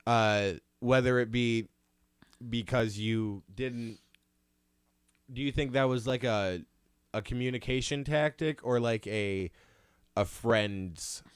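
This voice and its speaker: Podcast host, man, smooth resonant voice, loose rambling delivery, dry close mic. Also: mid-range voice, slow, long pauses, no echo. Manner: rambling, restarts, laughs along. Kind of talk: casual podcast chat.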